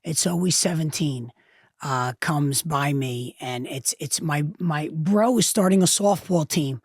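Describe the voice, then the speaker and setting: Husky-voiced woman, halting chat, dry close sound. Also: low voice, dry recording. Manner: halting, many fillers and restarts. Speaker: podcast guest, fitness trainer. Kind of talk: casual interview chat.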